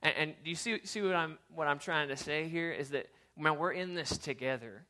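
A youth pastor giving a casual, storytelling sermon, chatty and animated, with lots of fillers and restarts. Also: male voice, on the high side, brisk.

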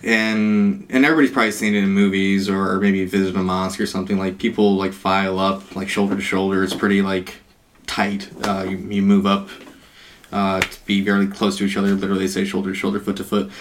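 A man's voice: low voice, little pitch movement, fast, a little hiss or hum. A man in a casual chat, telling an anecdote with lots of fillers. He laughs often and keeps the delivery loose and conversational.

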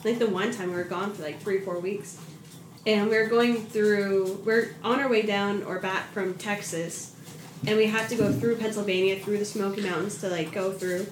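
A woman telling a rambling, filler-heavy story in casual conversation. Her pitch is ordinary for a woman. The room echoes, and a faint noise sits behind her voice. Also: steady tone, normal speed.

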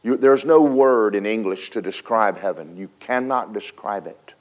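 Man, preacher, low voice, dramatic storytelling sermon, loud then hushed. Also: normal speed. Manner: folksy, speaks to the congregation directly.

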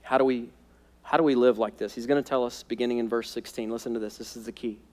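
A man preaching a sermon as pastor, emphatic, repeating key phrases and dropping to quiet intensity. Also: mid-range voice, fairly even intonation, fast, big-room sound. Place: church sanctuary.

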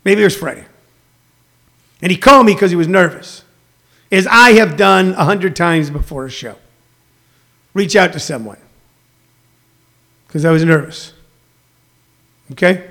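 A man's voice: sits high, unhurried, pauses often, sharp tone. A man in his sixties, a comedian hosting a rambling casual livestream, reading viewer comments and plugging shows. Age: 60s. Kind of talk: casual chat. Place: home.

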